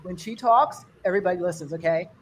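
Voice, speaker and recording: An older American woman doing a loose, rambling stand-up set for an online fundraiser. She chats to the audience like a friend, and her pitch leaps up whenever she imitates someone else's accent. A faint hiss of background noise sits under her voice. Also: fast. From United States. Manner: rambling and conversational, mimicking accents with big pitch jumps. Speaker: stand-up comedian.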